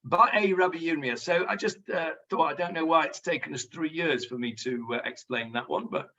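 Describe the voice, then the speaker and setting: A man's voice: on the high side, moderate pace, creaky, pushed and bright, far from the mic. A man teaching a Talmud class over a video call, chatty and explanatory, on dull lo-fi audio from off the mic. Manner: chatty, explains Hebrew words to students. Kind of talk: online Talmud lesson.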